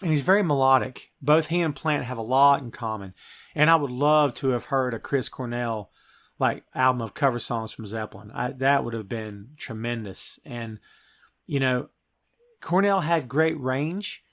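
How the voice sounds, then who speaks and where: A man's voice: mid-range voice, moderate pace, a bit bright. A man hosting a podcast in casual chat, talking with gushing enthusiasm. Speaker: podcast host.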